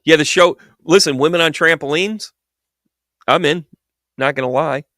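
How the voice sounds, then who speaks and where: A man's voice: on the high side, normal speed, bright, forceful tone, no echo, clean studio sound. A man and podcast host telling a casual, rambling story full of digressions and restarts, often laughing at himself. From United States.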